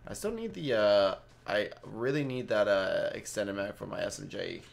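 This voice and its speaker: A man's voice: lowish voice, expressive, normal speed, vocal fry. A young Mexican-Canadian man casually rambling through live gameplay commentary and chatting with his viewers by name. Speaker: game streamer.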